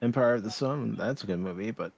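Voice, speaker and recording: A man hosting a casual pop culture stream, reading out viewer votes in an easygoing, relaxed way. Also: lowish voice, fast, creaky, dry recording. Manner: easygoing, relaxed, restarts often. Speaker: host of a pop culture livestream.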